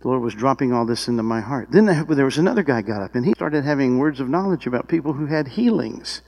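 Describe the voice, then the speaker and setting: A man's voice: mid-range voice, fast, gravelly, dull audio. Emotional male preacher telling a story. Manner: emotional, rising to excited exclamations. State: tearful at times. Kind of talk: sermon storytelling.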